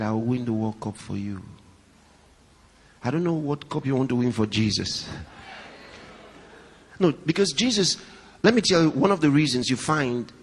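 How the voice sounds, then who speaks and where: A male pastor preaching a sermon to a live congregation, swinging between raised, high emphasis and hushed, low storytelling, and putting questions and asides to the audience. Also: husky. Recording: long hall reverb.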